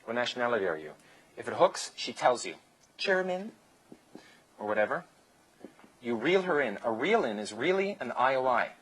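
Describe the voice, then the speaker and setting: A seminar instructor gives a live lecture full of anecdotes, loose and joking, acting out snippets of dialogue and swearing casually. His husky voice is medium-pitched with lively intonation and a moderate pace, captured on a rough recording.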